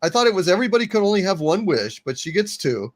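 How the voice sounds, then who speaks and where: A man's voice: high voice, big pitch swings, fast. A man co-hosting a casual podcast movie review, talking in a sarcastic, mocking way. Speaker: show co-host.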